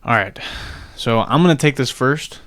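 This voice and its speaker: A man's voice: medium pitch, lively intonation, normal speed, a bit bright, no echo. A young man hosting a casual podcast chat, laid-back and teasing with crude jokes. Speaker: podcast host.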